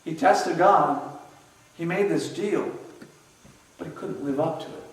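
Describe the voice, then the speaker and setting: A male pastor with a fairly high voice preaches in animated storytelling style and acts out the scenes he describes. He is heard from a distance, in a church sanctuary full of echo. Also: unhurried. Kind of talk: sermon. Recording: echoey church hall from far off.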